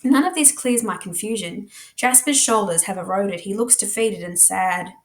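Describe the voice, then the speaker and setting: A woman with an Australian accent, a teacher reading a novel aloud with dramatic, expressive narration. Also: mid-range voice, normal speed. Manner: dramatic, shifts voice and pace for characters.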